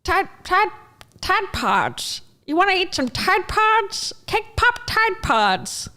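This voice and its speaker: A woman's voice: very high voice, very animated, slow pace, bright, forceful tone, voice pushed up, exaggerated voice. A woman putting on a silly accent to imitate a self-absorbed young woman character from online videos, stretching her words out. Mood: goofy.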